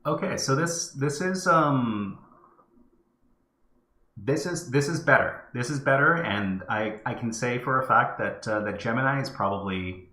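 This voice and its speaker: Man hosting a tech tutorial, bright and roomy. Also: medium pitch, measured pace. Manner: thinking aloud, hesitant. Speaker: tutorial host. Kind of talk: screen-recorded tech tutorial.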